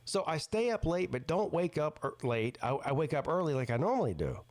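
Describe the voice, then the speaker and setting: A man's voice: a little high, big pitch swings, a little fast, a little mellow. A man hosting a casual livestream chat, tired from staying up all night, telling rambling self-mocking stories. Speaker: livestream host.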